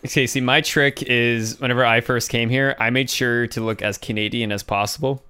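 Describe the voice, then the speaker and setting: Bright, clear-voiced chatty young man. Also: medium pitch, steady tone, normal speed. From United States. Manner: rambling, chatty storytelling with restarts. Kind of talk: casual chat.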